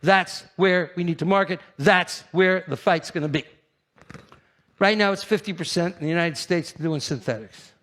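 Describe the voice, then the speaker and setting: An older man with a New York accent giving a brash, animated conference keynote, teasing the audience. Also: high voice, moderate pace. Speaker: keynote speaker.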